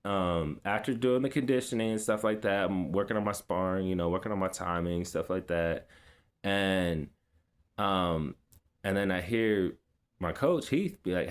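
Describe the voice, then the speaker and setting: Low-voiced man rambling through a story. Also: normal speed, smooth. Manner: rambling, with many fillers and restarts; laid-back street slang. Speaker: vlogger. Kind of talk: casual personal storytelling.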